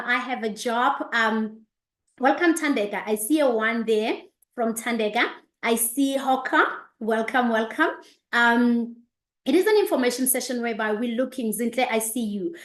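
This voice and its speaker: A woman in her thirties hosting an online business session, greeting viewers by name and place with lively enthusiasm. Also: on the high side. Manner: energetic, repeats greetings, reads out viewers' locations. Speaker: host of an online business presentation. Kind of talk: upbeat live-stream greeting and presentation. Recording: echoey room.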